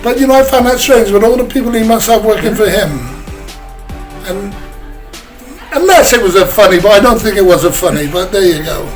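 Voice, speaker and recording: Older english bloke, higher voice, rambling football stories, faint music under it. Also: male voice, animated, brisk, poor audio. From England. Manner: chatty anecdotes with laughs, mimics voices. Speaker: former footballer, guest. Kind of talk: casual storytelling interview.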